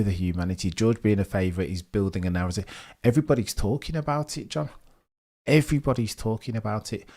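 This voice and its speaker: A man hosting a live sports watch-along stream from home at night, chatting theatrically with his viewers. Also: deep voice. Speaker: livestream host.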